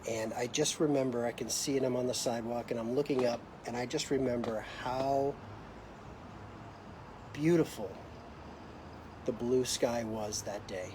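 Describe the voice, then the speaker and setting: A man's voice: medium pitch, steady tone, normal speed, pauses often, background noise. A middle-aged American man hosting a live video, telling a personal story in a reflective, hesitant way with many fillers and restarts. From United States.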